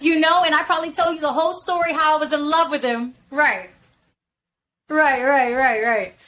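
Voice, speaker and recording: A high, steady, sharp-toned female voice talks briskly in a loose podcast conversation, full of swearing, emphasis, and phrases such as "literally" and "you know what I'm saying." The audio quality is poor.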